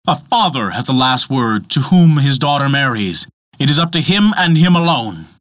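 A man's voice: mid-range voice, very animated, moderate pace, a bit bright, no echo, studio quality. A man voicing an indignant, mighty male thunder god who speaks as a commanding father.

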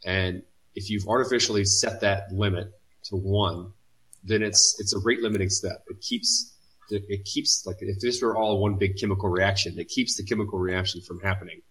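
A man's voice: lowish voice, fairly even intonation, normal speed, fairly bright tone, rough recording. A man co-hosting a casual podcast, explaining ideas thoughtfully, often restarting and searching for words. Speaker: podcast co-host.

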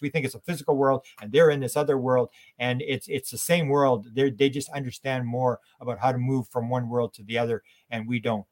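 An older man from Canada, a guest in a conversational interview, telling stories animatedly and acting out the voices of the people he quotes. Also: medium pitch.

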